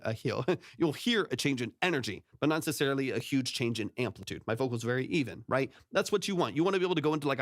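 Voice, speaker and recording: A man's voice: medium pitch, dry recording. A man hosting a music feedback livestream as a producer. He talks casually, thinking aloud and often checking in with "right?", into a close studio mic. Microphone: close studio vocal mic through compressors.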